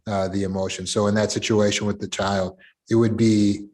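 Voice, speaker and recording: In a somewhat low voice at normal speed, a middle-aged man coaches a support group over a video call. He goes through examples in an animated manner.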